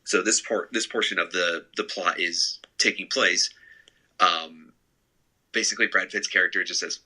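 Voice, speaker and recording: Low bright husky young man. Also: fairly even intonation, normal speed, low-quality recording. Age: young adult. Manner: rambling retelling with many fillers and restarts. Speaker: podcast co-host. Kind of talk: casual movie chat.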